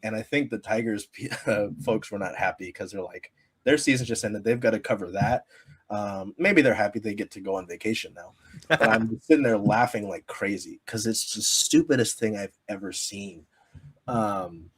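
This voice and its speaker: A man's voice: fairly low pitch, moderate pace, husky. A man from the Pacific Northwest telling stories as a guest on a casual sports podcast, rambling with many fillers and laughing often. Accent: Pacific Northwest American. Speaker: sports media creator, guest. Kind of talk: casual podcast interview storytelling.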